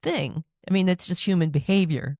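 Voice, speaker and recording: Woman interview guest, candid and self-mocking, lower pitch, dry close mic. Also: moderate pace, a little mellow, no echo. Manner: candid, chatty, laughs at herself. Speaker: guest, peace activist and author. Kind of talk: conversational interview.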